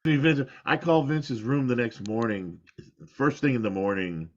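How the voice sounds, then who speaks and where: A man's voice: mid-range voice, measured pace. A middle-aged man, a former pro wrestler, telling rambling, candid stories in an interview and laughing at himself. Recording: dull lo-fi audio.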